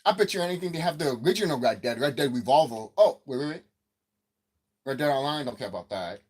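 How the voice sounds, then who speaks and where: With a medium-pitched, darkish, slightly rough voice, this man rants angrily and quickly about what video games cost. His intonation is lively, and the gaming commentator swears and repeats points as he works himself up.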